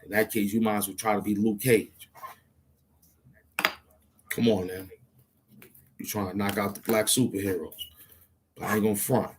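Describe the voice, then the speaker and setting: A man's voice: lowish voice, level tone, moderate pace, long pauses, slight background noise. A man rambling to himself as he thinks aloud, often hesitating, repeating himself and restarting.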